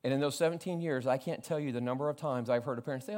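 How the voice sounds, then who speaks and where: A man in his forties from South Florida preaching a sermon, telling funny family stories and quoting his father with lively acted lines. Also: mid-range voice, very fast, hardly any pauses. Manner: storytelling with humor, animated quoting of family. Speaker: pastor.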